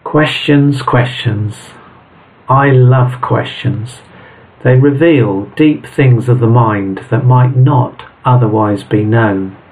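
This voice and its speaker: A middle-aged man delivers a short devotional talk at an unhurried, deliberate pace. His voice has a gravelly edge, and his manner is measured and reflective. The mic sits a little way off from him. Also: mid-range voice, phone-quality sound. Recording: voice a bit far from the mic.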